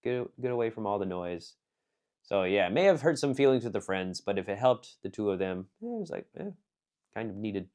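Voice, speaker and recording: Fairly quick and on the low side, this man's voice carries a casual, rambling review of an anime film. He uses plenty of fillers and restarts, alternating between excited bursts and quiet, muttered asides.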